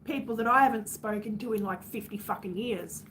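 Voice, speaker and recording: A woman's voice: mid-range voice, a little fast, a bit bright, a little hiss or hum. An Australian woman chatting casually on her livestream, venting bluntly to her viewers and swearing freely.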